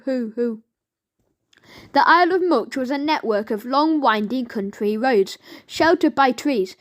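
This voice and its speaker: High-voiced woman reading a kids' audiobook. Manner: lively, acts out sound effects. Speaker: audiobook reader. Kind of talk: children's audiobook narration.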